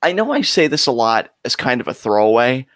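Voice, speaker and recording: A man's voice: medium pitch, very animated, brisk, fairly bright tone. A man co-hosting a wrestling talk show, ranting with frustration and heavy swearing. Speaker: wrestling podcast co-host. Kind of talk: heated casual chat.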